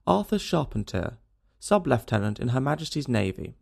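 A man's voice: on the high side, sing-song, moderate pace, gravelly, a little mellow, voice pushed up, full character voice. A man reading an audiobook, voicing a pompous, self-satisfied middle-aged police detective. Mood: excited. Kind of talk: audiobook character voice.

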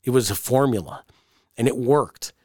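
A man on a wrestling podcast tells a long backstage story, switching into high, excited voices whenever he quotes someone. He speaks at a middle pitch. His voice is close on the mic, with almost no room sound. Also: moderate pace, no room sound. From Canada. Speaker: podcast host, wrestling promoter. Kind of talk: casual storytelling chat.

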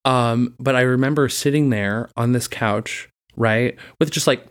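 A man in his twenties co-hosts a casual podcast with animated, theatrical energy. He keeps sliding into mock newscaster voices for comic effect. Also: mid-range voice, measured pace. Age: 20s. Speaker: co-host.

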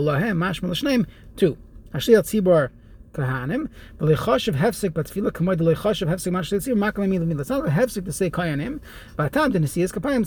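A man giving a Jewish law lesson, reading short phrases from a text and explaining each one in plain, unhurried English. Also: sits high, a little mellow. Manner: reads Hebrew phrases then explains in English, with pauses and restarts. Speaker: Torah teacher.

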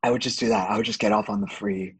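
A young adult man on a podcast as a guest, speaking openly and with animation, laughing often, with a husky voice. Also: fairly low pitch, fairly even intonation, fast talker, dry recording, poor audio. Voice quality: husky, gravelly. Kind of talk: candid casual chat.

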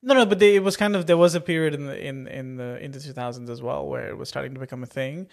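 A man's voice: medium pitch, fast, vocal fry. A man hosting a podcast, talking in a teasing, rambling casual chat. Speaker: podcast host.

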